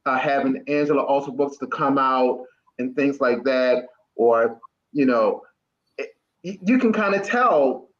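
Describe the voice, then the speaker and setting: A man on a political panel talking in a folksy, halting way with many false starts. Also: medium pitch. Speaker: Democratic club member. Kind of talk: roundtable discussion. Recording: dull lo-fi sound.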